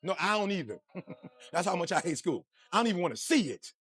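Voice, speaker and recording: A man giving a motivational speech, energetic and preachy, full of slang and talking straight to the crowd. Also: high voice, fairly quick, breathy edge, no room sound, clean studio sound. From Detroit, USA. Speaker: motivational speaker.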